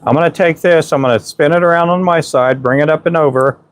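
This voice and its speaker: In a casual live stream, a man chats with viewers and demonstrates knot tying for jigs, talking as he works with his hands and frequently saying "boom." He's a fast talker, and there's slight background noise.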